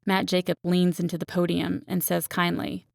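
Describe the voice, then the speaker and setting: A woman's voice: fairly low pitch, flat delivery, moderate pace, vocal fry, no echo, clean studio sound. A woman narrating a first-person romance audiobook in a wry, self-aware storytelling manner.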